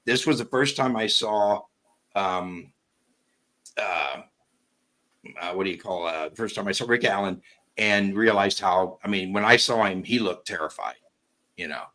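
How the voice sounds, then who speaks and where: Brief: man, rambling and blunt, low-pitched, forceful tone. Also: measured pace, long pauses. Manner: rambling, peppered with "you know"; blunt and emphatic. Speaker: guest commentator. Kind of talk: casual chat.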